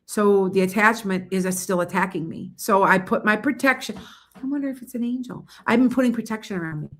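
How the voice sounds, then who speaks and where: A woman hosts a casual psychic livestream from her home. She talks fast and rambles in an animated way as she chats with viewers. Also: mid-range voice. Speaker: psychic reader hosting a livestream.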